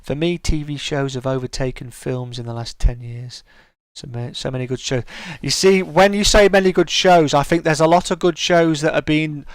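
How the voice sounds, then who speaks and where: A man's voice: fairly high pitch, fairly even intonation, moderate pace, few pauses, clear, resonant tone, dry recording. Laid-back British man chatting on stream. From United Kingdom. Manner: laid-back, chatty, reads out and answers viewer comments. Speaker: live stream host. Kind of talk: casual live-stream chat.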